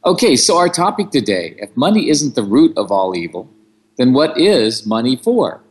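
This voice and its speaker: A man's voice: mid-range voice, big pitch swings. Guy co-hosting a radio show, playful banter, cracking jokes. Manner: joking, playful, quick-witted.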